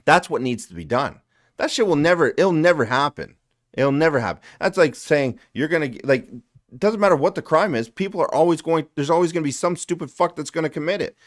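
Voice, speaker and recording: A man's voice: a little high, expressive, a little fast. A man hosting a casual livestream, ranting with lots of swearing and repeated phrases. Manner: profane, ranting, repeats himself. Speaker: livestream host.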